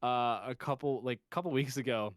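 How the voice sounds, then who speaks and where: A man chatting on a podcast with a smooth, resonant voice and a dry, close sound. He rambles eagerly as an excited fan, piling one thought onto the next. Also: medium pitch, normal speed, no room sound. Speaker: podcast co-host. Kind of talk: casual podcast chat.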